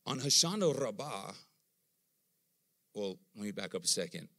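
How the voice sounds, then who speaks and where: In a lowish voice at a moderate pace, a middle-aged preacher delivers a sermon built on stories. He tells them in an animated way, performing the voices of those he quotes.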